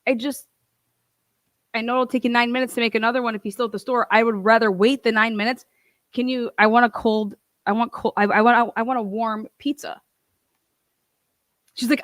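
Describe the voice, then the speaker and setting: A woman's voice: a little high, moderate pace, pauses often, no room sound. A young woman telling a heated, profane storytime rant, full of swearing and laughs. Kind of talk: ranting storytime.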